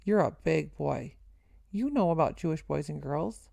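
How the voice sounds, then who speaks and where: A woman's voice: low-pitched, animated, measured pace, creaky, mellow, no echo, clean studio sound, exaggerated voice. A woman reading aloud, voicing a menacing adult male soldier who coaxes and barks at children. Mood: wheedling. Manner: wheedling then barking, mocking.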